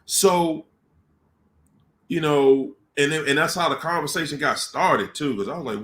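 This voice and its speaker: A man giving a casual motivational talk to a room, telling stories in colloquial, animated speech. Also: on the high side, unhurried.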